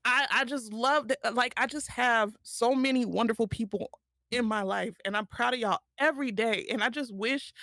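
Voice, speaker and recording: A woman's voice: a little high, normal speed, fairly bright tone, no echo, studio quality. A woman streamer, talking tearfully and affectionately to her friends in casual chat.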